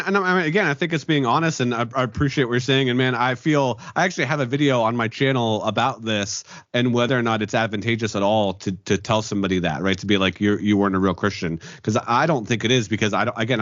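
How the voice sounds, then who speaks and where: An American man talks casually and earnestly, often acting out little imagined exchanges and laughing between thoughts. His voice sits at an ordinary middle pitch. The sound is dry and a little dull, like a remote call. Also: quick pace, hardly any pauses, a bit bright, dry recording. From United States. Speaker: guest. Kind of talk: casual conversation.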